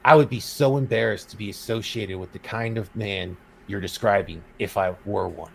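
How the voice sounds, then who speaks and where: A man's voice: on the low side, moderate pace, vocal fry, slightly rough, low-quality recording. A man hosting a casual podcast chat, ranting and reading out quotes with a sarcastic edge. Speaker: podcast host.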